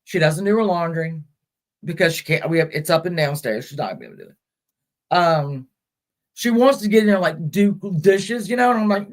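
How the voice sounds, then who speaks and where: On her caregiver support live stream, a woman whose voice runs low but animated chats in a loose, hesitant way. She fills gaps, restarts often, and replies out loud to what viewers write.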